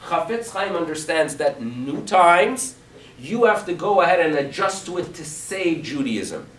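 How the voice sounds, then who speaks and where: A man, a rabbi, teaching a class to a congregation, lively and full of rhetorical questions. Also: fairly high pitch, measured pace. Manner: animated, asks rhetorical questions. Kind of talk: lecture to a congregation. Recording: echoey room, mic at a distance.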